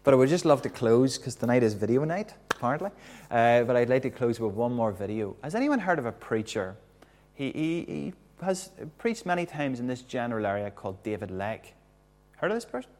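A man preaching a sermon in an earnest, reflective way, often dropping to a soft hush to make a point. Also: medium pitch, very animated, brisk.

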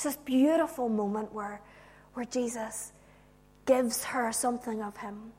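Animated woman preaching a sermon. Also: medium pitch, moderate pace. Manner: animated, swinging from loud emphasis to hushed tones; humorous asides.

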